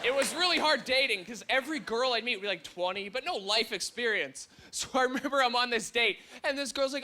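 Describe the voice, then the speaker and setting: High-voiced young man doing dark stand-up. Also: lively intonation, a little fast, hardly any pauses. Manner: dark, wry storytelling, punchy delivery. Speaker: stand-up comedian. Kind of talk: stand-up comedy set. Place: comedy club stage with a live audience. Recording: audience ambience with noise.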